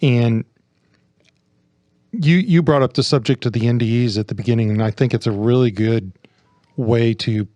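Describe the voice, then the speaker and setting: A man co-hosting a podcast who talks thoughtfully, haltingly, and often restarts his phrases. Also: mid-range voice, warm tone, no room sound. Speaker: podcast co-host. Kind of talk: casual discussion.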